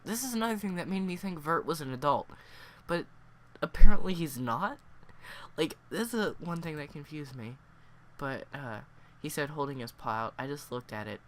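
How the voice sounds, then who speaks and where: A man's voice: a little high, animated, normal speed, fairly bright tone, slight background noise. A man giving a casual story review, rambling with fillers, his voice wavering as he holds back laughter. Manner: keeps breaking into laughter, voice wavering. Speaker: book reviewer.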